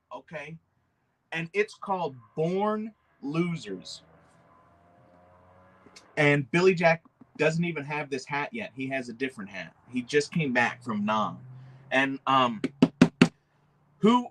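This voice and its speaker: Male livestream host, bright-toned, excitable, swears a lot, rambles. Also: a little high. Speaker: livestream host showing custom figures. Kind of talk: casual livestream chat.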